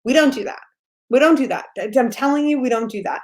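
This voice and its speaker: A woman business coach giving a casual course lecture, loud and excitable, swearing freely and laughing often. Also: high voice, quick pace.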